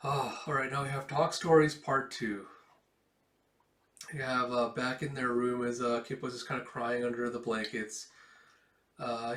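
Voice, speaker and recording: A man's voice: mid-range voice, fairly bright tone. Man narrating a comic read-along, casual and emotional, lots of fillers; roomy, distant mic. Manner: emotional, filler-heavy retelling. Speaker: comic reader.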